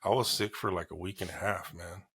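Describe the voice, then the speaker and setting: A middle-aged man, a podcast co-host, telling a profane, animated story in casual chat. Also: deep voice, a little fast, breathy edge.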